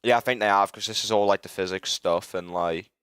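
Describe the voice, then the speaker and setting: Young British guy streamer, low and smooth, dry close mic, rambly and sweary. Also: steady tone, a bit bright, no room sound. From Britain. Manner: rambling, self-interrupting, swearing, quick to frustration. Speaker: livestreamer. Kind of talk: casual live-stream chat while game building.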